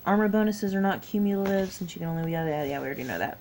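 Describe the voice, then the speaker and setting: A woman's voice: lowish voice, expressive, racing, a little mellow, a little hiss or hum, poor audio. A tired woman with a Southern US accent, reading a text adventure game aloud with her own asides and stumbling over long words. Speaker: gaming YouTuber.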